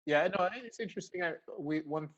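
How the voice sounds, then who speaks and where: A man talking casually as an interview guest, lively, with lots of fillers and acted-out quotes. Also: on the high side, fast talker, muffled recording. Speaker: interview guest, recruiting firm founder.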